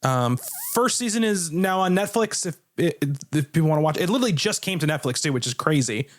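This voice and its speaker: A man's voice: fairly high pitch, lively intonation, brisk. A man co-hosting a casual film podcast, talking loosely with fillers and restarts. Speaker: podcast co-host.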